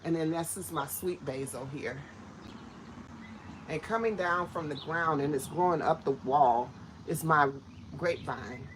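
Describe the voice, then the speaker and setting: A woman with a fairly low voice walks through her garden and talks straight to her viewers on a phone. She is emotional and enthusiastic. Faint outdoor sounds sit behind her. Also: measured pace, background noise. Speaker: vlogger. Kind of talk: casual garden walkthrough vlog. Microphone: phone held while walking.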